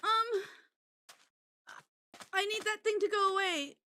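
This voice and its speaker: A woman's voice: extremely high pitch, takes it slowly, pushed and bright. A woman talking through a live game, anxious and emotional, close to tears and repeating herself. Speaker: gamer. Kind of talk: live gameplay talk.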